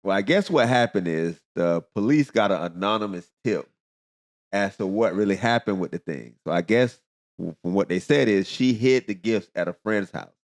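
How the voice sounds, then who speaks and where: A man's voice: fairly low pitch, moderate pace. A man hosting a casual podcast, chatting and often laughing. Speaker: podcast host. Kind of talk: casual chat.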